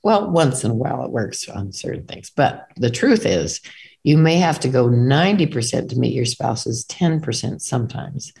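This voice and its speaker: A woman's voice: extremely low pitch, animated, moderate pace, gravelly, a little mellow. A middle-aged woman co-hosting a talk, speaking earnestly in a casual way and sometimes reading passages aloud. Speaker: co-host.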